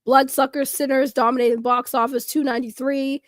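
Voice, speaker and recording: Female commentator, high voice, animated and profane, dry close sound. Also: normal speed, no room sound. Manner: animated, profane, laughing, incredulous. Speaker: YouTube commentator. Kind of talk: casual commentary chat.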